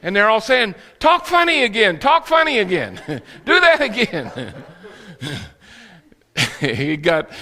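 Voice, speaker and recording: A man's voice: medium pitch, pushed and bright, long reverb tail. A male preacher giving a sermon with folksy, humorous storytelling. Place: church sanctuary.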